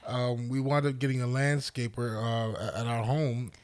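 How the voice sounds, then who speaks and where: A man's voice: medium pitch, level tone, moderate pace. Upbeat man co-hosting a podcast. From Northeastern United States. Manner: upbeat, greets listeners as family, repeats words. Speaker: podcast co-host. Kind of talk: casual chat.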